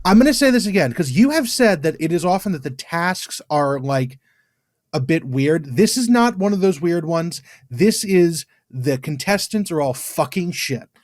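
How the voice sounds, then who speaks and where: An English man co-hosting a podcast, talking bluntly and swearing freely. His voice sits a little high for a man. The sound is dry and close to the mic, with no room echo. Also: animated, normal speed, a little mellow. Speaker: podcast co-host. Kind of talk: casual chat.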